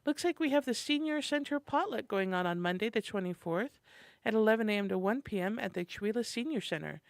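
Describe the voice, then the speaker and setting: A chatty, upbeat woman co-hosts a morning radio show and reads through the week's community calendar. Her voice sits at an ordinary middle pitch for a woman. She is heard through a close studio microphone, with a dry sound and no room in it. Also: animated, fairly quick, dry recording. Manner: chatty and enthusiastic, reading a calendar. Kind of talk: community events rundown on radio.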